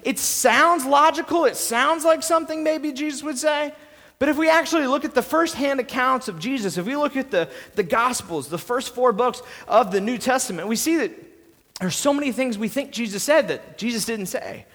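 A man's voice: very high voice, moderate pace, fairly bright tone. A man preaching a sermon as pastor, joking casually and calling on the congregation to finish his lines. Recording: reverberant church hall.

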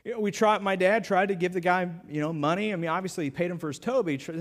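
A male pastor with a fairly high, expressive voice preaches a sermon as if telling friends a story. He speaks quickly and casually with few pauses, stacking filler words and slipping into playful sarcasm.

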